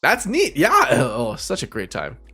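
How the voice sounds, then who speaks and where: A man's voice: mid-range voice, wildly swooping pitch, unhurried, sharp tone, faint music behind. A man chatting casually and rambling with viewers on a live stream, laughing often. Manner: rambling, giggly, talks to viewers.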